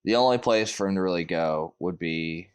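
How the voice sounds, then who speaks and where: A man with a low, smooth, resonant voice. He retells a book chapter in casual slang, swearing freely. It's a relaxed podcast chat. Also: moderate pace. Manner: loose and profane, slangy retelling. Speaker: podcast co-host.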